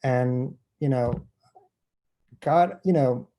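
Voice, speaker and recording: A man interviewed as an author, talking in an animated, self-deprecating and profane way. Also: mid-range voice, drawn-out words. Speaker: author guest. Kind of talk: conversational interview. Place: bookstore event.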